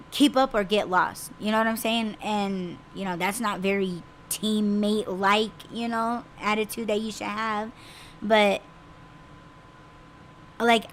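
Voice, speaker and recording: Slow-talking woman podcaster, halting. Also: medium pitch, fairly bright tone, a little hiss or hum. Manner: halting, repeats herself often. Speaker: podcast host. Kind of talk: personal storytelling chat.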